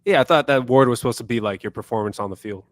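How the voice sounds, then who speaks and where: A man's voice: mid-range voice, racing, no room sound, studio quality. A man co-hosting a sports podcast who gives blunt opinions and retells anecdotes. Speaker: podcast co-host. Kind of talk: casual sports chat.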